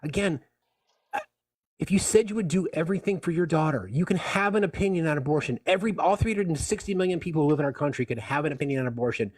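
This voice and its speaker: A male debate host who talks fast and bluntly, pressing his guests with pointed questions. His voice is a little husky and recorded close, with a dry sound. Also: fairly high pitch, dry recording. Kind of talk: moderating a debate.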